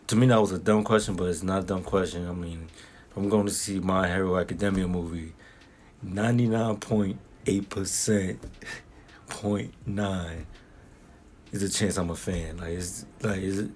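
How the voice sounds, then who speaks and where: A young man with a lowish voice talks through a film review in a loose, rambling way, piling on slang and restarting his sentences. Faint background noise hums under him. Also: fairly even intonation, moderate pace, darkish tone. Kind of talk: casual spoken review.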